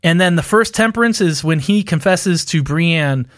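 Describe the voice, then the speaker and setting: Co-hosting a casual podcast chat, a man rambles through a theory, full of fillers and self-mocking laughs. His voice is a little high, animated and fairly bright, at a moderate pace. The studio recording is clean, with no room sound.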